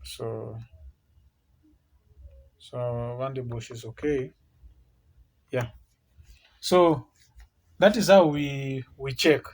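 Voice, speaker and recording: A man's voice: medium pitch, steady tone, extremely slow, long pauses, a little mellow. A man giving a screen-share tutorial on academic writing, explaining step by step with many restarts and tag questions like "eh?" and "okay?".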